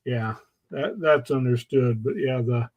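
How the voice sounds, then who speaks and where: A man hosting a podcast in casual chat, halting with many restarts and "you know"s. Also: mid-range voice, dull audio.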